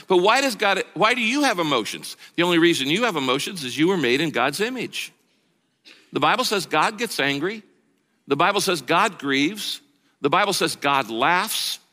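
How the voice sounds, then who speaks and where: A middle-aged male pastor preaching a sermon, emphatic, slowing down and dropping low on key lines. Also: sharp tone. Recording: long reverb of a large hall.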